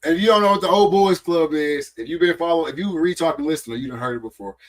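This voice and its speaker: A man co-hosting a casual sports podcast, his voice sitting a bit higher than most men's. He talks bluntly in loose slang and often mocks what he is talking about. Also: quick pace, poor audio. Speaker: podcast co-host.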